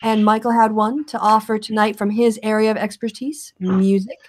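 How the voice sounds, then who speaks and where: A woman hosting an online chat show, jokey and quick to laugh. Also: mid-range voice, little pitch movement, a little mellow. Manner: giggly, jokey. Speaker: host. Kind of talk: casual chat.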